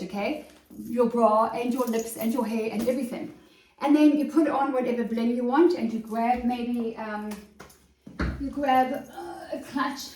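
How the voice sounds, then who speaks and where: An eager, chatty woman vlogs about fashion and talks straight to her viewer. Her voice sits a little high and sounds mellow. She is picked up from some distance in a roomy space. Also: slight background noise. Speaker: confidence coach. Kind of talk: casual fashion vlog. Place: her home closet.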